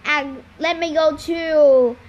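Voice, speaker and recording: A woman's voice: sits high, a bit bright, lo-fi sound. Woman doing a whiny dim-witted giant twin. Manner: whiny, grumbling, slow.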